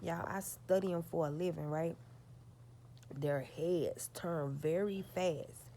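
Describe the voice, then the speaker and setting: Woman vlogger, low gravelly voice, profane, emphatic storyteller. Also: steady tone, slow, mellow, a little hiss or hum. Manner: profane, emphatic, talks straight to her audience. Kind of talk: storytelling to her viewers.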